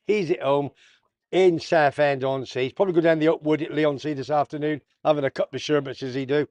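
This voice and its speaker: A man's voice: a little high, fairly even intonation, fast talker, a little mellow, no room sound. A man hosting a casual sports roundup vlog, full of jokey banter and slang. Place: south of Tenerife.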